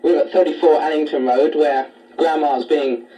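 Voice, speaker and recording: Guy hosting a family tape letter, mellow voice, lots of ums, mic sitting far off. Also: fairly high pitch, fairly even intonation, normal speed, dull audio. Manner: chatty, filler-heavy, gently formal. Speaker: family member presenting a taped letter. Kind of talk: casual spoken letter on tape. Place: a family home. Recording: distant home tape recording.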